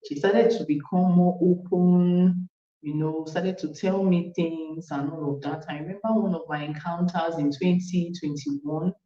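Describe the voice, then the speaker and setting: A woman in her thirties from Nigeria, with a Nigerian English accent, giving a casual personal testimony with animated acted-out quotes and asides to her coach. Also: lowish voice, unhurried, reverberant, lo-fi sound. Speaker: parent sharing a testimony.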